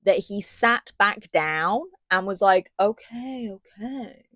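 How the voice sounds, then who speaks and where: A young woman giving an animated, sarcastic and rambling book recap in casual chat. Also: mid-range voice, slow pace, no echo. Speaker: book reviewer.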